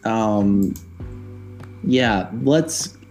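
A man's voice: on the low side, very slow, darkish tone, soft background music. A man co-hosting a podcast in casual chat, playful and mock-offended. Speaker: podcast co-host.

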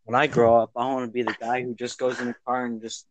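A man's voice: medium pitch, level tone, quick pace, slight background noise. A young man co-hosting a casual podcast, telling silly stories in a playful way. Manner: playful, laughs along, tells silly stories. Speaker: podcast co-host. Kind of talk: casual joking chat.

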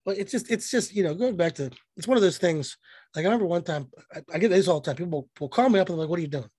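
A man's voice: sits high, rapid-fire, dark tone, husky, dry recording. A man co-hosting a podcast in casual chat, blunt and profane, telling rambling stories. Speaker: podcast co-host.

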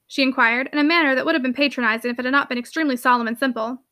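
A woman narrating a classic novel aloud with a brisk, expressive reading. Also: high voice, no room sound, studio quality. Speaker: audiobook narrator.

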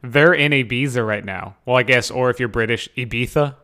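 A man's voice: medium pitch, fairly quick, sharp tone, clean tone. A man co-hosting a casual podcast, chatting with wry, sarcastic asides. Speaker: podcast co-host. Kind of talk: casual chat.

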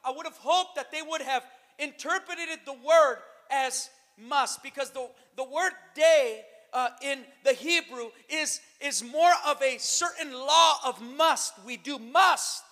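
High-voiced preaching pastor in echoing hall. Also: male voice, takes it slowly. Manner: preaching, swings to shouted emphasis, calls out to the church. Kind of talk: sermon. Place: church. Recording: long reverb of a hall.

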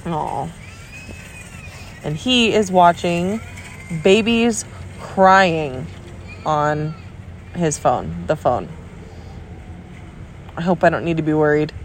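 A woman with a slightly low voice speaks slowly yet animatedly into her phone, recording a rambling, encouraging video message for a friend and trailing off and restarting. She sounds tired and congested, yawning between thoughts. A dog barks faintly in the background, and there's a little hiss or hum.

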